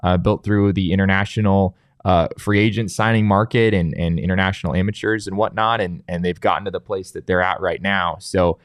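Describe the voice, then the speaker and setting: A young man co-hosting a sports talk show, talking in an animated, casual way with lots of restarts and "like". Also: sits low, fairly quick, hardly any pauses, dry recording, studio quality. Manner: animated, with frequent restarts and filler "like".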